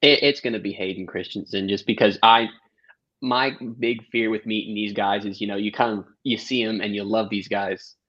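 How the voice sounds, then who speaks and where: Young male guest, husky and low, relaxed casual delivery, dull lo-fi sound. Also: normal speed. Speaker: podcast guest. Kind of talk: casual chat. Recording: dull lo-fi mic.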